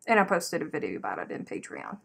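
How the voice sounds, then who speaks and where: A woman's voice: deep voice, quick pace, vocal fry, slightly rough. A woman in her thirties hosting a live craft stream, chatting casually and reading out viewer comments. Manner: animated storyteller, reads out chat comments. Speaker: livestream host. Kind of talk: casual chat while crocheting.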